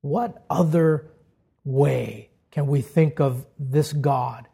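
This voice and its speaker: A man preaching a sermon, building to loud, emphatic peaks and dropping to hushed, slow lines. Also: mid-range voice, vocal fry, breathy edge. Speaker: pastor.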